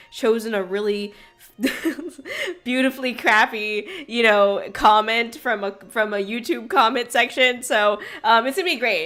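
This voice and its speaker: A young woman hosting a casual livestream, bubbly and chaotic, greeting her chat loudly and laughing often. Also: on the high side. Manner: frequent laughter. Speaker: streamer host.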